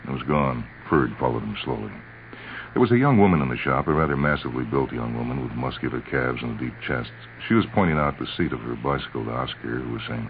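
A man narrating a story in a measured, dramatic reading on a tinny old radio recording. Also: extremely low pitch, big pitch swings, creaky, slight background noise.

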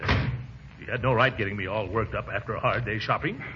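An actor playing a blustery, pompous middle-aged uncle in a 1940s radio comedy, with a flustered, bombastic delivery. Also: male voice, brisk, very noisy, lightly acted. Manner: bombastic, flustered, booming outbursts. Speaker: uncle and employer. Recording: muffled old radio broadcast.

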